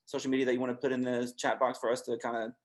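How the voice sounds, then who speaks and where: A man moderating an online panel, relaxed and full of fillers, thanking the guest. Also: medium pitch, very fast. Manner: relaxed, filler-heavy, appreciative. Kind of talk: casual online panel hosting. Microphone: video call.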